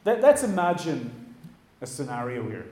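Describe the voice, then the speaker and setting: A man's voice: mid-range voice, very animated, normal speed, warm tone. A man preaching a sermon, talking conversationally and addressing his congregation directly in a church hall. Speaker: pastor.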